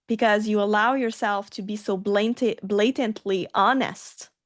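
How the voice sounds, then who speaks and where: A woman guest giving an earnest, halting personal testimony in an interview. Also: mid-range voice, steady tone, no room sound, studio quality.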